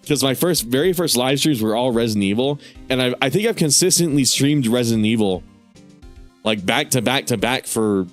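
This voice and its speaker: A man's voice: mid-range voice, lively intonation, moderate pace, soft background music. Rambling, swearing man streamer. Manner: rambling, profane, laughs often. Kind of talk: casual gaming stream commentary.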